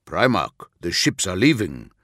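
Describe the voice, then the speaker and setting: An earnest, dutiful male aide, voiced by a male narrator, formal and respectful toward his lord. The voice stays low and measured. It is recorded dry and close. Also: sing-song, fairly bright tone, no echo, exaggerated voice.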